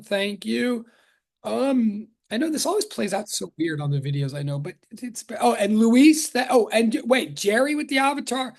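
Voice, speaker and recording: Rambling professor on a video call. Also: male voice, high voice. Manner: chatty, rambling, greets students one by one with many restarts. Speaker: physics professor. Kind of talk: casual online class greeting.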